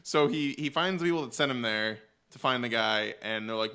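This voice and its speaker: A man with a bright, crisp voice co-hosting a casual film podcast. He asks quick, skeptical questions about the plot at a middle pitch. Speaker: podcast co-host. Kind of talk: casual movie review chat.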